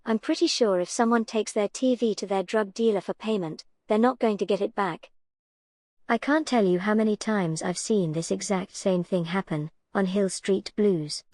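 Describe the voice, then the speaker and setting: A woman's voice: medium pitch, moderate pace, a little mellow, no echo. A woman giving reaction commentary in a sarcastic, dry, cutting manner.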